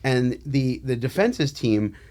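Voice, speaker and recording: Sardonic male attorney co-host, casual and halting. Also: mid-range voice, animated, a little mellow. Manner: joking, sardonic, many fillers and restarts. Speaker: podcast co-host, trial attorney. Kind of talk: casual legal chat.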